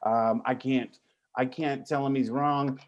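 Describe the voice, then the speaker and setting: A man's voice: medium pitch, fairly even intonation, a little slow, dull audio. Male host, loose swearing banter on a call-in sports stream. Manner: profane, joking, rambling. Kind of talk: casual sports talk stream. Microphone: video call.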